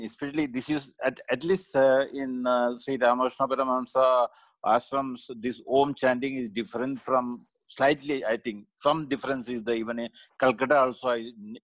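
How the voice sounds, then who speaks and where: A man's voice: medium pitch, dry recording, rough recording. A man who asks questions and shares experiences hesitantly, with frequent fillers. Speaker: co-host asking questions. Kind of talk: casual discussion.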